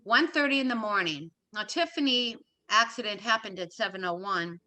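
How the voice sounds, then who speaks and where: Give me a bright-voiced middle-aged woman telling her story. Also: mid-range voice, expressive, normal speed. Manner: retells events with quoted dialogue and emphatic repetition. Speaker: interview guest. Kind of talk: emotional personal storytelling.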